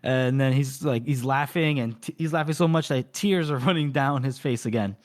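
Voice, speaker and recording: A man's voice: medium pitch, normal speed. A man co-hosting a podcast, casually retelling a book's chapter with lots of fillers and quoted dialogue. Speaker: podcast co-host. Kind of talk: casual book recap.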